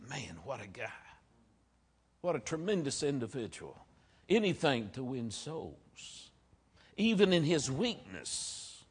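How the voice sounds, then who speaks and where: A middle-aged man delivering a sermon, with a somewhat low voice. He tells stories earnestly, dropping to quiet asides and then rising loud on the points he wants to stress. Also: breathy edge. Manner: storytelling preacher, earnest, varies loudness for emphasis. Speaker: pastor.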